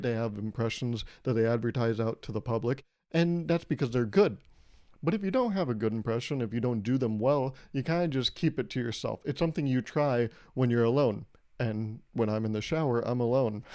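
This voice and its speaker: Man, solo comedy podcast host, rambling, self-deprecating, warm mellow tone, mid pitch.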